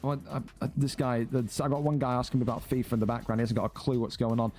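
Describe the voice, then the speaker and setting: A man doing play-by-play commentary on a video game fight, excitable and rising to shouts at big moments. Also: mid-range voice, fast talker, hardly any pauses, soft background music.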